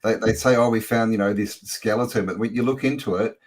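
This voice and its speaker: Husky laid-back man. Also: on the low side, fairly even intonation, brisk. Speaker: podcast host. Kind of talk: casual chat.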